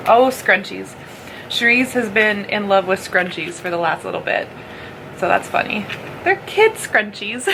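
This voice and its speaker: A young woman from North America chatting casually as she unboxes a gift box, often laughing and squealing at cute things. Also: medium pitch. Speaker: vlogger. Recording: noisy home recording.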